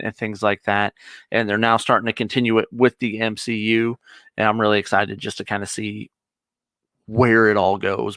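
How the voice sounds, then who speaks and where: A man's voice: lowish voice, pushed and bright, dry recording. A man co-hosting a casual review chat, eagerly retelling a TV episode in a rambling way. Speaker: co-host of a nerd review show.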